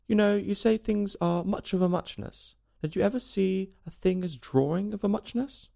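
A man voicing a sleepy, sulky little dormouse with a hoarse, feeble voice. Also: high voice, moderate pace, warm tone, voice pushed up. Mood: drowsy.

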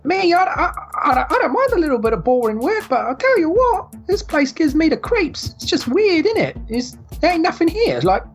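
A woman's voice: high voice, sing-song, normal speed, hardly any pauses, faint music behind, voice pushed up. A woman doing a chatty, superstitious guard. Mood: uneasy. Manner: slangy, rambling gossip.

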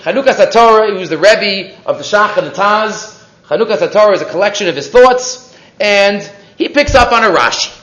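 A man giving a lively, questioning Torah lesson, dotted with Hebrew terms. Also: sits high, moderate pace. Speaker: Torah teacher. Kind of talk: weekly Torah portion class. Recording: echoey, dull lo-fi room recording.

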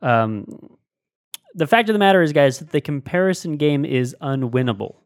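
A man co-hosting a casual faith discussion, speaking in a halting way with many fillers and restarts. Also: fairly high pitch, expressive, dry recording, clean studio sound. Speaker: podcast co-host.

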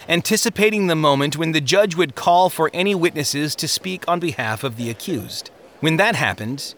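A man narrating an audiobook in a measured, expressive reading. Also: mid-range voice.

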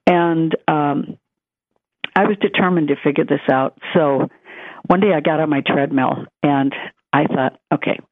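A woman guest telling a personal story in conversation, animated, acting out the voices she quotes. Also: low-pitched, unhurried. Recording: tinny phone line.

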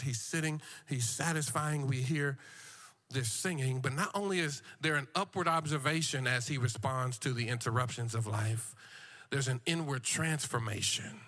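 A man's voice: medium pitch, bright, forceful tone. A man preaching a sermon in a sing-song African American church cadence, calling out to the congregation and repeating words as he builds. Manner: calls out to the congregation. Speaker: guest preacher.

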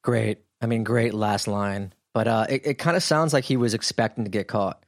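A man's voice: lowish voice, normal speed. A man co-hosting a podcast, trading wry jokes and asides in casual banter. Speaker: podcast co-host.

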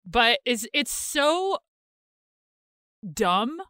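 A woman's voice: mid-range voice, sing-song, moderate pace, heavy background noise. A young adult woman, a guest contributor on a podcast, talking emphatically and expressively in casual chat.

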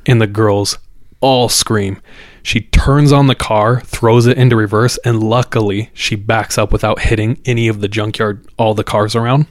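Brief: casual male podcast storyteller, lowish voice, relaxed and rambling. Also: normal speed, no echo, clean studio sound. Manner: loose and conversational, repeats words, fillers. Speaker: podcast host.

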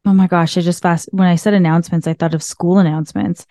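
A woman's voice: fairly low pitch, steady tone, quick pace, warm tone, no echo. Chatty woman podcaster, dry close sound. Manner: chatty, laughs often, filler "like". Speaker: podcast host. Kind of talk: casual motivational monologue. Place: small room behind a desk. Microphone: desk microphone.

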